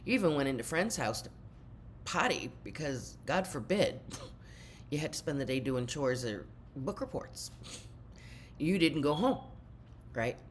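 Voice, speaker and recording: An older woman with a very deep voice speaks directly to her viewers in an earnest spiritual vlog talk. A faint hiss sits behind her. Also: animated, measured pace, pauses often. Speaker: spiritual teacher.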